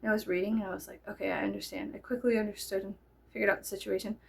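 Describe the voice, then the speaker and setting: A woman telling a story in a casual way, animated and breaking into loud laughing shouts. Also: medium pitch, very fast, vocal fry.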